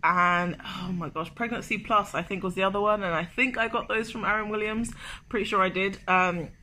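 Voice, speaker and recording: A woman's voice: medium pitch, steady tone, fairly quick, pushed and bright, a little hiss or hum. A young woman telling a personal story in a casual confessional vlog, chatty and emotional, with lots of "like". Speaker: vlogger.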